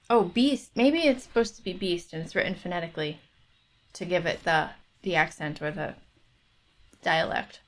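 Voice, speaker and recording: A woman's voice: fairly low pitch, moderate pace. A woman reading a folk tale aloud for her book club stream, stopping for chatty asides. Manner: chatty, thinks aloud between passages.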